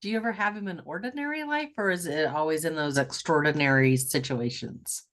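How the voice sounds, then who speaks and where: A woman's voice: sits low, fairly quick, a bit bright. A woman hosting a podcast interview, asking questions in an earnest, appreciative way. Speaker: podcast host.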